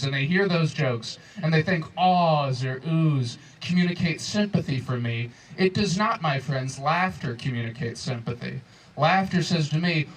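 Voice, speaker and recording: A man in his twenties doing a stand-up comedy set, telling stories with exasperated, animated crowd banter. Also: a little high, far from the mic, low-quality recording. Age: 20s. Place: comedy club stage before a crowd. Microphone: handheld stage microphone.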